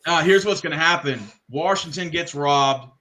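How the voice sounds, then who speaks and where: Excitable profane man. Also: a little high, normal speed. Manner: profane, excitable, does mock wrestling voices. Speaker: podcast host. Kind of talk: casual sports chat.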